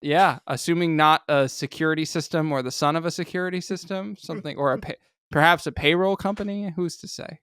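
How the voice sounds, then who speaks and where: Man, podcast co-host, playful, slightly high, smooth voice. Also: a bit bright, dry recording, clean studio sound. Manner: playful, drawn-out joking delivery. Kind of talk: casual sports podcast chat.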